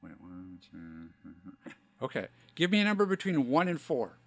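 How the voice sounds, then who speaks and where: Man, podcast host, mid-pitched voice, relaxed chat, dry sound. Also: moderate pace, dry recording. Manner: relaxed, frequent "you know" fillers. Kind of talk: casual chat.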